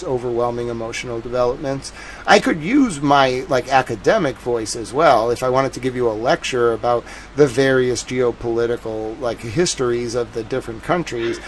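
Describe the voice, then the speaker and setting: A man with a Boston accent, a live news streamer talking casually to his chat in a soft, drawling way with lively swoops in pitch. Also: normal speed, slight background noise, low-quality recording. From New England.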